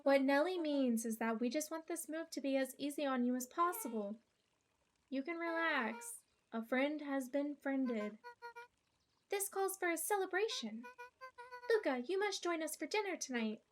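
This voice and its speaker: A woman's voice: sits high, lively intonation, normal speed, faint music behind. A woman voicing an anxious, doting mother in a video game, who gushes earnestly and frets over statistics. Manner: gushing, earnest, fretful.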